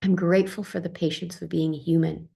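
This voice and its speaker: A woman calmly reading her own first-person account as a therapist, in a soft, tender manner. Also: lowish voice, brisk, gravelly, breathy edge.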